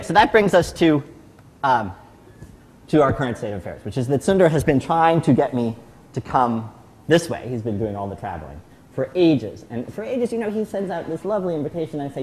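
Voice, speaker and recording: A man's voice: medium pitch, expressive, a little fast. A middle-aged man giving an anecdotal tribute speech at a celebration, telling his story with frequent restarts. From United States. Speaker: guest speaker at a celebration.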